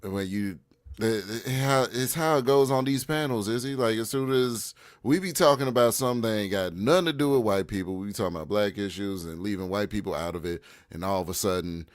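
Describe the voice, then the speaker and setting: A man's voice: lowish voice, a little fast, dry recording, clean studio sound. A man on a casual livestream panel who talks emphatically and repeats phrases for effect.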